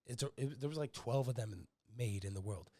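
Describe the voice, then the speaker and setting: A man's voice: mid-range voice, a little fast, dark tone, no room sound. Young man rambling through crude stories. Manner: rambling storyteller, crude and joking. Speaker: podcast host. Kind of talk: casual podcast chat.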